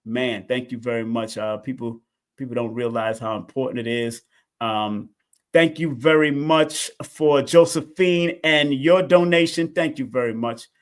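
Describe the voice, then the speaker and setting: A man's voice: medium pitch, unhurried. A man hosting a live call-in stream, talking casually and repeating himself with lots of energy. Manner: repetitive, animated, talks to chat and callers.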